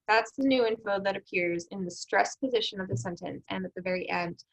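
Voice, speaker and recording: A woman's voice: medium pitch, fairly even intonation, moderate pace, fairly bright tone, low-quality recording. A woman giving a recorded lecture on editing proposals, explaining step by step with rhetorical questions and frequent fillers. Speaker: research development instructor.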